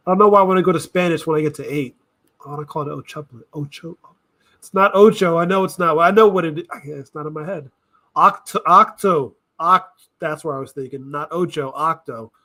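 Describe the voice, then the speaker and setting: A man riffing through casual reaction commentary with a voice pitched a little high. He thinks out loud, wanders off track and corrects himself as he goes. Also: husky. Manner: rambling, thinking aloud, self-correcting. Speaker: reaction video host.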